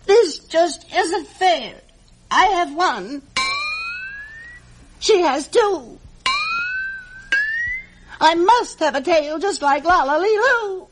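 A woman's voice: very high-pitched, lively intonation, music in the background, heavily acted, poor audio. A woman voicing a jealous young female bird who pleads and whines, in a storybook reading. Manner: pleading, whiny, slow.

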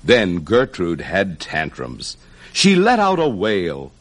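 A man narrating a rhyming children's story in an expressive, sing-song way. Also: sits low, slow.

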